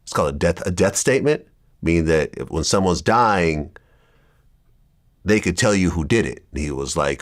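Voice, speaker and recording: Very deep-voiced male interview host. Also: moderate pace, long pauses. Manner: animated storyteller building to punchlines. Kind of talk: casual interview storytelling.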